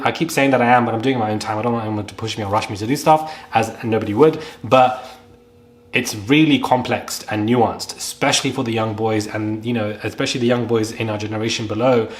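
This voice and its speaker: A young man, speaking earnestly to camera while close to tears, halting and repeating himself. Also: medium pitch. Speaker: vlogger. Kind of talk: emotional to-camera commentary.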